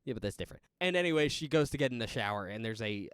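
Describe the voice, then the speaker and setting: A man co-hosting a casual podcast about a horror film, talking in a chatty, animated way and laughing often. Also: mid-range voice, rapid-fire, smooth, dry recording, clean studio sound. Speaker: podcast co-host. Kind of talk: casual movie chat.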